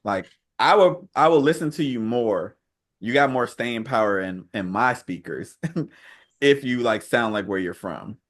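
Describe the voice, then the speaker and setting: A man's voice: mid-range voice, lively intonation, measured pace. A man co-hosting a podcast, giving firm opinions in a laid-back slangy casual chat. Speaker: podcast co-host.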